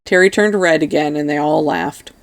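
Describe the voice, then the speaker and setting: A woman reading an audiobook in a steady, even narration. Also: deep voice, normal speed. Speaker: audiobook reader.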